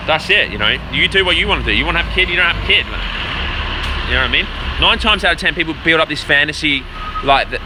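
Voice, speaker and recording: Against background noise, a man with a mid-range voice delivers a crude, blunt rant to his live audience. He replies to chat as he goes and keeps repeating words while searching for the right ones.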